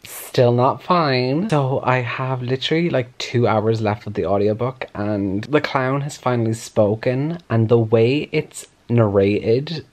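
A man chatting in a casual reading vlog, gushing and animated, with lots of "like" fillers, recorded on a camera at home. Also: medium pitch, unhurried, hardly any pauses. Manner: gushing and animated, heavy use of "like". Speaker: book vlogger. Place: room at home, lights off at times.

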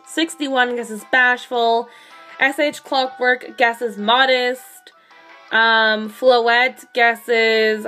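Excited woman streamer, slow delivery. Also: a little high. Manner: excited, breathless, rambling. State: shaky with excitement. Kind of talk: live game stream chat. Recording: faint music behind.

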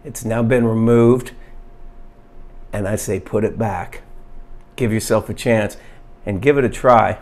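A man's voice: lowish voice, fairly even intonation. Earnest man demoing food on camera. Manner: earnest, plain-spoken, pauses with fillers; reads study excerpts aloud haltingly. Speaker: health vlogger. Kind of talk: casual demonstration to camera.

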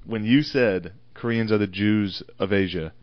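A man's voice: fairly low pitch, dry recording. A young man co-hosting a podcast, needling and teasing his co-host in crude casual chat. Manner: needling, teasing, quick to laugh. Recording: dry, dull lo-fi podcast audio.

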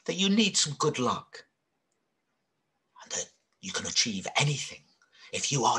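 Expressive male storyteller, slow and bright. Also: mid-range voice. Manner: expressive, dramatic, shifts between whispers and cries. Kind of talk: children's story reading.

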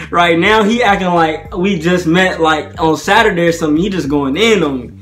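A young man with a somewhat high-pitched voice talks casually to the camera, rambling in loose slang and constantly checking in with his viewers. Faint guitar music plays underneath. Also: normal speed, fairly bright tone. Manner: chatty, slangy, keeps asking "you feel me". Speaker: prank vlogger.

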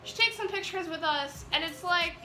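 A high-voiced teenage girl rambles giddily through a vlog story, packing her sentences with "like". Her tone is bright and sharp. The room rings with echo, and faint music plays behind her. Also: normal speed, slight background noise. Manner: giddy, rambling with many "like"s. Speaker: vlogger. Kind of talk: excited storytime chat.

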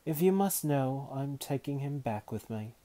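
A man's voice: mid-range voice, unhurried, pitched above the performer's own voice, close to an everyday voice. Man voicing a haughty, coldly scheming woman wizard. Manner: haughty and calmly menacing.

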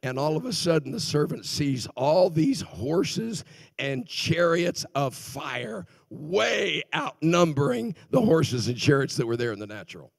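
An older male guest minister preaching a sermon in a church, swinging between loud exclamations and quiet asides. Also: on the high side, very animated, measured pace, creaky, no room sound. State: voice sounding off. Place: church sanctuary.

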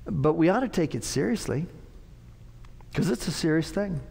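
A man's voice: on the high side, animated, normal speed, gravelly, dark tone, husky. A man pastor giving an earnest, conversational sermon in a church, repeating his phrases for emphasis. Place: church sanctuary. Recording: long church-hall reverb.

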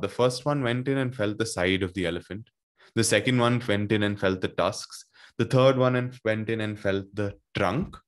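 A male teacher reads a story to children slowly and expressively and asks them questions. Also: fairly low pitch.

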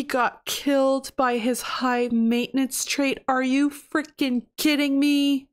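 A young woman giving casual, chatty commentary over gameplay and reacting loudly in disbelief at surprises. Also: high voice, little pitch movement, slow, hardly any pauses. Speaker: gameplay video host.

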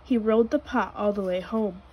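A woman reading a children's picture book aloud, telling it gently and clearly. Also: mid-range voice, a little fast, lo-fi sound, slight background noise. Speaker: storybook reader.

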